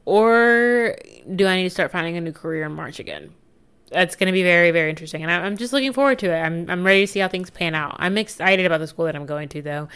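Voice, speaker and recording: Young woman podcaster, lowish voice, rambly candid chat w little laughs. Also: fairly bright tone, clear, resonant tone. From United States. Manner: chatty, candid, laughs easily. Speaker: podcast host. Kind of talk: casual solo podcast chat.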